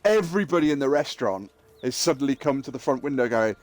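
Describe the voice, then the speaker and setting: A middle-aged man streaming a game, casually telling an animated story and acting out the people in it. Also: medium pitch, fast talker, no room sound. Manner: animated, acts out quoted people, swears freely. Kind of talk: casual storytelling while gaming.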